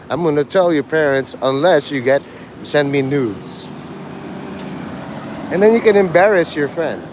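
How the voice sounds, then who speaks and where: Animated, crude rambling male livestreamer. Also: mid-range voice, slight background noise. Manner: crude, rambling, jokey, breaks into laughter. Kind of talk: rambling live-stream chat.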